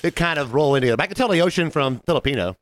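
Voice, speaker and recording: Fast, lively man telling a story. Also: fairly high pitch. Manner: animated, jumps into mimicked voices of customers. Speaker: podcast co-host. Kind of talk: casual storytelling.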